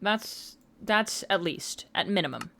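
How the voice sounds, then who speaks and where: A young woman in her mid-twenties talks loosely to her chat while she plays. Her voice sits at a middling pitch. She is chatty and fond of playful teasing. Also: expressive, slow pace, vocal fry, pushed and bright, slight background noise. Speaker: livestreamer. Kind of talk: casual chat while gaming.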